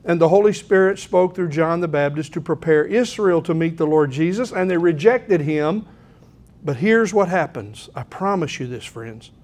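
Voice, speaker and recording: Middle-aged pastor, man, folksy and earnest, somewhat high-pitched. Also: expressive, normal speed, a little mellow. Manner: folksy, earnest, clears throat often. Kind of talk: sermon.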